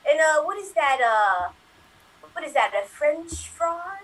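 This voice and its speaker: A woman voicing a sheltered, bewildered elderly royal man in a put-on upper-class English accent, hesitant and halting in an improv comedy scene. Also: high voice, big pitch swings, a bit bright, exaggerated voice, poor audio. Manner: hesitant, full of ums and halting restarts. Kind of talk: improv comedy scene over video call.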